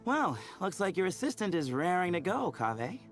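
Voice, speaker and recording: Confident game adventurer, teasing, lively up-and-down voice. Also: medium pitch, normal speed, faint music behind. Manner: upbeat, teasing.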